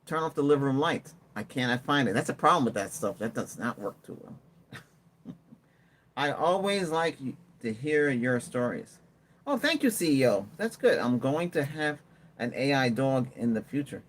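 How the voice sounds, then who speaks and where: A man's voice: mid-range voice, very animated, normal speed, a bit bright, a little hiss or hum. A man hosting a tech livestream, chatting casually and rambling while he answers viewer comments and laughs often. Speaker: livestream host.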